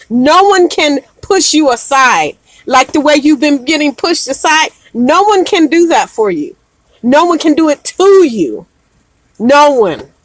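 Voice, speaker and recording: A woman with a high, bright-pitched voice speaks straight to a viewer during a live oracle card reading. She repeats herself with emphasis and laughs often. The sound is dry, with no room echo. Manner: emphatic and repetitive, with frequent laughs. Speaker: card reader.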